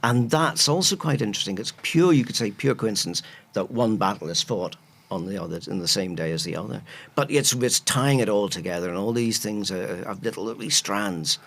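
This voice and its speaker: Gravelly, lowish-voiced guest, enthusiastic and rambly. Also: male voice, a little fast, hardly any pauses, a bit bright. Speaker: guest, historian and archaeologist. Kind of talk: casual chat, explaining history.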